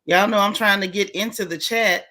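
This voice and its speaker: A woman hosting a casual livestream, greeting viewers one by one in relaxed, slangy chat. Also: mid-range voice, normal speed. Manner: warm, chatty, Southern American slang, greets viewers one by one. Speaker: livestream host.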